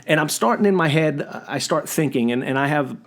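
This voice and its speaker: Man, storytelling monologue, animated, slightly high pitch, restarts sentences. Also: fairly quick. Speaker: podcast host.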